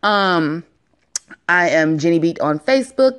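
A woman's voice: fairly low pitch, lively intonation, slow. Playful, profane young woman podcasting. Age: 20s. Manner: candid, profane, playful, swings between loud and hushed asides. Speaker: podcast host. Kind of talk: casual solo podcast chat. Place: home basement.

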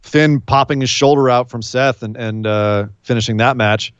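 A man's voice: mid-range voice, moderate pace, clear, resonant tone, no room sound, dull audio. A man co-hosting a live-streamed podcast, joking sarcastically with his co-host. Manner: sarcastic, playful joker. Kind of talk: casual live-stream chat.

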